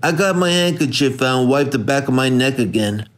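A man narrating a hardboiled crime audiobook in a steady, measured manner. His voice sits at an ordinary middle pitch. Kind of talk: scripted narration.

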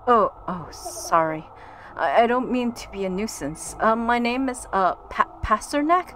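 A woman reading a timid, stammering young male office worker in a game, halting and apologetic. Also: on the high side, expressive, a bit bright, slight background noise, pitched above the performer's own voice. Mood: nervous.

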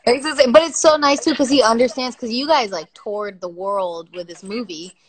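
A woman's voice: fairly high pitch, moderate pace, husky, low-quality recording. A woman from the United States hosting a live video-call chat, talking in a gushing, enthusiastic way. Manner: gushing and enthusiastic, full of "like" fillers. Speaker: livestream host.

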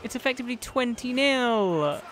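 Excitable man yelling at a game. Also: very high voice, normal speed, faint music behind. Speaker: gaming channel host. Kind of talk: let's-play commentary.

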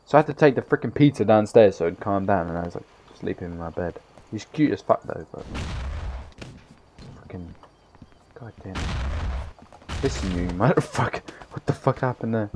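A tired young man giving casual, rambling gameplay commentary, swearing freely with loud bursts of excitement. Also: lowish voice, normal speed, pauses often. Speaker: gaming YouTuber.

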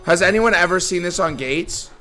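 A young man streaming slots live to his chat, swearing constantly and bursting into screaming hype, his voice going hoarse. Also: sits high, animated, moderate pace, pushed and bright. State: losing his voice. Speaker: gambling streamer. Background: faint slot game music.

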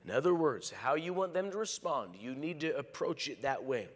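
A male pastor preaching a sermon, animated, acting out quoted lines. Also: fairly high pitch, normal speed, long reverb tail. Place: large church hall.

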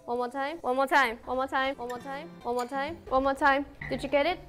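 A woman's voice: high voice, fairly even intonation, brisk. A woman mentor coaching trainees on a talent show, blunt and repeating short commands. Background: loud pop music from the show.

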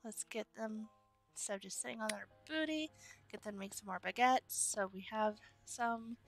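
A woman's voice: on the high side, normal speed, vocal fry, faint music behind. A young woman hosting a gaming channel, chatting casually as she plays and cheerfully greets her game customers. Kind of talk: casual gameplay commentary.

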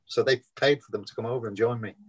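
A man's voice: mid-range voice, steady tone, fast, slightly rough. Scouse man telling rambling showbiz stories. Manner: rambling storyteller, acts out quoted voices. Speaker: actor being interviewed. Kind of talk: casual anecdotal chat.

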